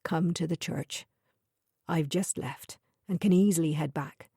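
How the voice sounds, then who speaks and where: A calm, gentle man with an Irish accent, played by a female audiobook narrator, speaking steadily and firmly. The voice is lowered, mellow and slow, recorded dry and close. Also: husky, no room sound, full character voice. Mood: urgent.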